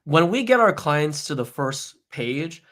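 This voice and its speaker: A man's voice: on the high side, sing-song, unhurried, a bit bright. A man who is a guest on a podcast, speaking casually with many "like" and "you know" fillers. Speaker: agency owner, guest. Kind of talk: conversational interview.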